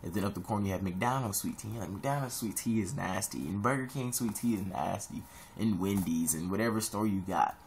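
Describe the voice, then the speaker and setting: A young man from Ohio talks to his camera in a low, gravelly voice. He rambles through casual advice, jumping suddenly up high for emphasis. A faint hiss sits under the home recording. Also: brisk, few pauses. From Columbus, Ohio. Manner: rambling, animated, sudden high-pitched jumps. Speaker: vlogger giving advice.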